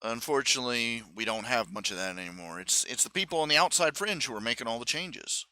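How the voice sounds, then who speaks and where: A man's voice: mid-range voice, animated, fast talker, bright, forceful tone. A man talking casually on his live stream, rambling with many fillers and restarts and acting out the quotes he tells. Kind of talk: casual solo commentary.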